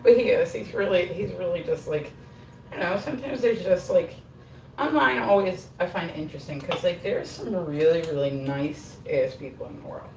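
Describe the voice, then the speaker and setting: A woman's voice: on the low side, moderate pace, gravelly, darkish tone, slight background noise. A middle-aged woman, chatting casually and swearing freely on a livestream while she bakes at home. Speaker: livestream host. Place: home kitchen. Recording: roomy echo, mic at a distance. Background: music playing.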